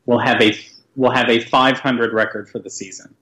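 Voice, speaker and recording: A man co-hosting a casual sports podcast with deadpan, dry wisecracks. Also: medium pitch, normal speed, hardly any pauses, rough recording. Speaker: podcast co-host.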